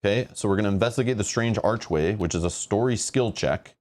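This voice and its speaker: Exasperated low-voiced man reading game rules. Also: a little fast, a little mellow. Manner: rambling, exasperated about the rules. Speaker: host playing a board game. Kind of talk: casual board game playthrough, reading rules aloud.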